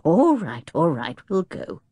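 Woman playing a weary professor, low-pitched and dry, mild and reasoning. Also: sing-song, measured pace, a little mellow, dry recording. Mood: weary impatience. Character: doubtful, patient older male professor.

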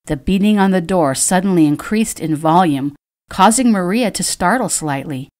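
A woman, the author, narrating her own novel in a measured, expressive audiobook reading. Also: on the low side.

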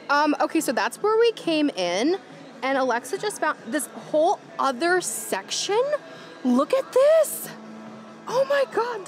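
A young woman vlogging with gushing, chatty enthusiasm as she tastes food and drinks at a hotel rooftop bar. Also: mid-range voice. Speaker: travel vlogger. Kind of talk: casual food and travel vlog. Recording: noisy crowded bar. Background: loud crowd and chatter.

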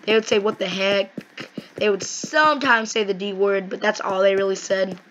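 A woman chatting casually and rambling excitedly while playing a game. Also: mid-range voice, normal speed, muffled recording. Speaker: gaming video host. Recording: noisy home mic recording.

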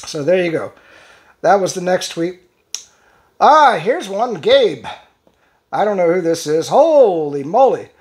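A man reads social media posts aloud on his own commentary show. He stumbles over words and restarts them, breaking off for sarcastic, conversational asides. The delivery stays loose and unscripted. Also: sits high. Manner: halting, restarts words while reading. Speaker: channel host.

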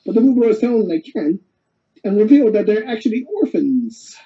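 A man's voice: sits high, sing-song, moderate pace, dull audio. A man casually retelling a cartoon plot, rambling and restarting as he goes. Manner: rambling, stops and restarts while summarizing. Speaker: co-host recapping a cartoon.

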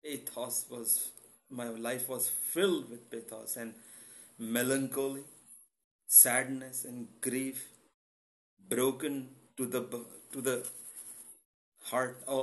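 A middle-aged man from India with an Indian accent, preaching and sharing a personal testimony in an earnest, confessional way and calling his listeners "guys". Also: medium pitch. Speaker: online church founder and preacher.

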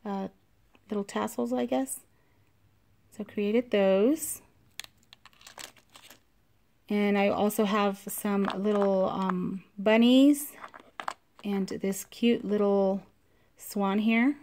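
A woman vlogger casually showing her handmade craft pieces, talking unhurriedly with frequent ums and pauses and gushing over the small details. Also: mid-range voice, steady tone, a little mellow. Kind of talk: casual show-and-tell.

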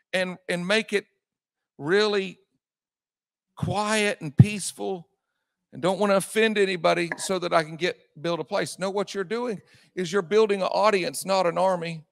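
A male pastor delivers a fiery sermon in a high-pitched, gravelly voice. He hammers phrases again and again and swings between shouting and quieter asides. The sound is close and dry. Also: no echo. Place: church sanctuary.

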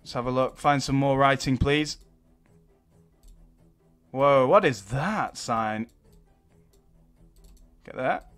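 A young man giving excitable live gameplay commentary as a gaming YouTuber, swearing and exclaiming when things go wrong. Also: mid-range voice, takes it slowly, long pauses, smooth, faint music behind.

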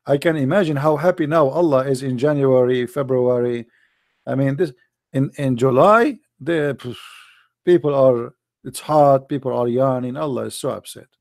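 A man giving a sarcastic, scoffing monologue, slowing right down whenever he reads a quote aloud. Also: medium pitch, darkish tone, dry recording, studio quality. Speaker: online commentator. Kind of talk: mocking monologue commentary.

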